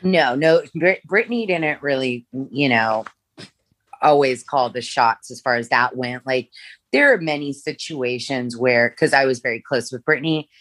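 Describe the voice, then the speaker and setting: A woman recounts old memories in a low, loose voice, circling back and restarting often. The sound is dry and close. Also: expressive, a little slow, fairly bright tone, dry recording. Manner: rambling, many fillers and restarts. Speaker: former makeup artist, guest. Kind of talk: storytelling interview.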